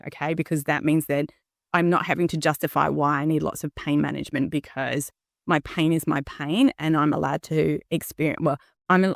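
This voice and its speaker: A woman's voice: low-pitched, vocal fry, dry recording, studio quality. Candid fifty-something woman podcaster. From Australia. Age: 50s. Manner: earnest and candid, with frequent ums and "okay?" check-ins. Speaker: podcast host. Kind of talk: personal solo podcast talk.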